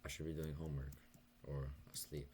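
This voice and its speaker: A young man talking softly and hesitantly in a late-night confessional vlog, stuttering and pausing as he goes. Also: rumbling low, little pitch movement, a little hiss or hum. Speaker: vlogger.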